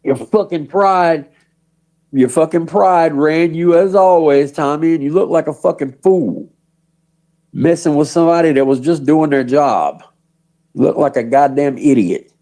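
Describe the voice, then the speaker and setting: Man, livestream rant, gravelly fry, slightly high voice, profane, mocking, laughs a lot. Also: unhurried, mellow, rough recording. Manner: mocking, cursing, laughs often between lines; taunts absent people by name with questions. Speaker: livestream host.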